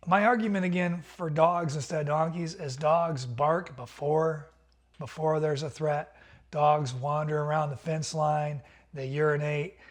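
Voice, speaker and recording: A man's voice: fairly high pitch, no room sound. Chatty man, dry close sound. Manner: chatty, coaxing the dogs with repeated calls; relaxed explanation while reading from a website. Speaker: farm owner and channel host. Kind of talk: casual farm vlog. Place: outdoors on a farm, then inside his house.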